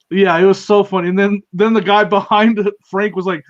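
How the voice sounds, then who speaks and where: A man's voice: sits high, lo-fi sound, a little hiss or hum. A man co-hosting a casual podcast chat, giggly and laughing a lot as he talks. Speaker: podcast co-host.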